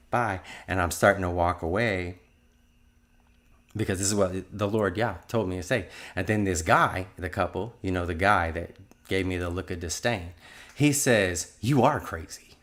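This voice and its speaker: Low-voiced man in his fifties. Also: fairly even intonation, normal speed, fairly bright tone. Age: 50s. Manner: earnest, rambling storytelling with restarts. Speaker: testimony speaker. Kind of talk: religious testimony monologue.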